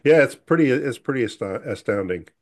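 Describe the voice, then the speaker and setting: A man with a mid-range voice chats with his co-host on a podcast. His talk is relaxed and friendly, with easy back-and-forth. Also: medium pitch, a little fast. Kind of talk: casual chat.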